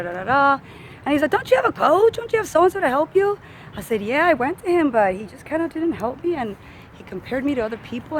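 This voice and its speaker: A woman's voice: on the high side, a little hiss or hum, rough recording. A woman fitness coach telling a personal story in casual talk, acting out what others said. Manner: animated, acts out quoted voices.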